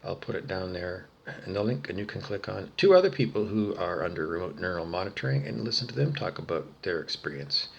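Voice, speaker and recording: A man's voice: low voice, big pitch swings, brisk, gravelly, husky, dull audio. Profane, furious ranting man. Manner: profane, furious ranting that swings from muttering to shouting. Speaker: vlogger. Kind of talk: angry solo rant to camera.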